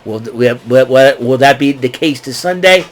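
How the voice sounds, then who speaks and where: A man's voice: mid-range voice, moderate pace, rough recording. A man giving a casual, rambling recap as host, with many fillers and restarts. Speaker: wrestling show recap host.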